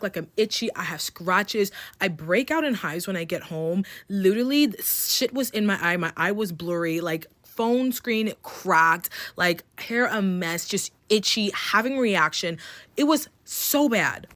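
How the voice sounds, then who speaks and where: Young woman doing a storytime vid, swears a lot, super candid and animated, mid pitch. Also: normal speed. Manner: candid, profane, animated retelling. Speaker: storytime vlogger. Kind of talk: casual storytelling.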